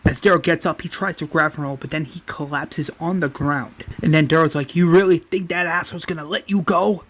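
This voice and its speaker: A man with a slightly high voice narrates a casual episode recap, stringing events together one after another. He sounds relaxed and conversational, like he is talking straight to his viewers. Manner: run-on narration chaining events with "and then". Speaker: YouTuber recapping a fan series.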